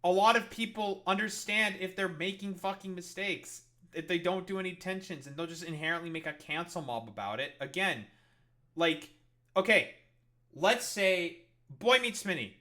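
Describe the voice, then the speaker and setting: A man's voice: high voice, moderate pace, pushed and bright. A man streaming a reaction to a clip, ranting about politics with constant swearing and mocking exasperation. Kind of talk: profane political rant.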